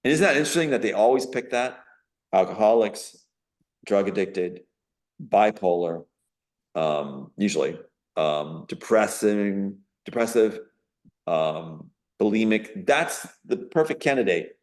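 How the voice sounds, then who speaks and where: A man's voice: on the low side, animated, unhurried. A man being interviewed as a guest, giving a long, rambling personal account in an emphatic, indignant tone with frequent fillers.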